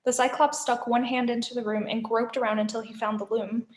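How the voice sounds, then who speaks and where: A woman, a teacher, reading a novel aloud with expressive storytelling. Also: fairly high pitch, fairly quick. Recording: echoey room.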